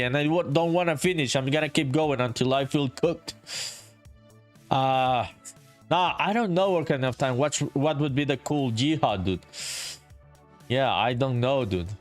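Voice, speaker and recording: A man streaming his indie game development, chatting casually with viewers, reading comments aloud, saying dude a lot and swearing freely. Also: fairly high pitch. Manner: laid-back, swears often, calls everyone dude, reads chat aloud. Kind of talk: casual live-stream chat while working.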